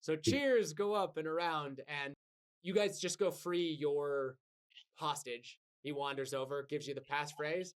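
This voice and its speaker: A game master narrating a tabletop game in a casual, animated way, often laughing. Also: medium pitch, unhurried, smooth.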